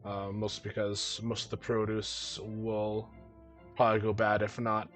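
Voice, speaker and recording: Low-voiced man game master narrating. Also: completely flat delivery, measured pace, fairly bright tone, soft background music. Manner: casual, filler-heavy narration.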